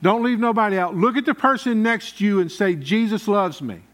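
Speaking a little quickly in a high, fairly bright voice, a male pastor preaches to his congregation. He keeps the sermon folksy and talks straight to the people in front of him.

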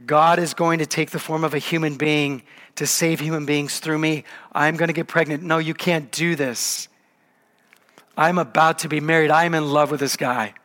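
Frightened teen girl, pleading, anxious questions, slightly high voice, put on by a male preacher. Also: little pitch movement, normal speed, a bit bright, close to an everyday voice.

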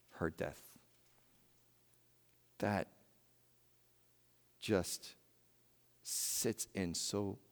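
A man preaching a sermon in a church, swinging between loud emphatic bursts and hushed, quiet lines. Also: fairly low pitch, big-room sound. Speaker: pastor.

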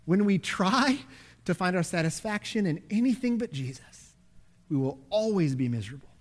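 High-voiced animated male preacher. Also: normal speed. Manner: animated, swinging between loud and hushed. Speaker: pastor. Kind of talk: sermon.

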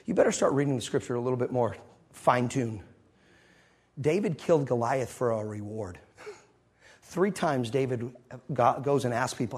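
A male pastor preaching a sermon, telling a story with animated energy and acting out the scenes. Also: medium pitch, normal speed, long pauses, slightly rough.

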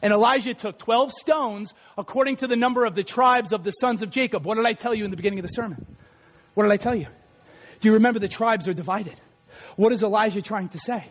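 High-voiced animated male preacher. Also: quick pace, in a large hall. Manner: animated, joking, shouts for emphasis. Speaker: pastor. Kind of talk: lively sermon with scripture reading. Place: church sanctuary.

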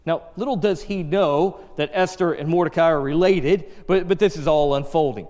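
A man preaching a sermon, reading scripture and retelling it with animated storytelling. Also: fairly high pitch, normal speed. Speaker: pastor. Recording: long hall reverb.

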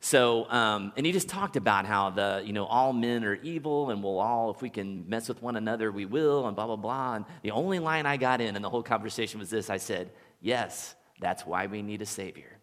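Low-voiced preacher in a reverberant sanctuary. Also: male voice, lively intonation, fairly quick, few pauses, fairly bright tone. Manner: conversational storytelling preacher, chuckles as he speaks. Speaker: pastor. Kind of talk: sermon. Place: church sanctuary.

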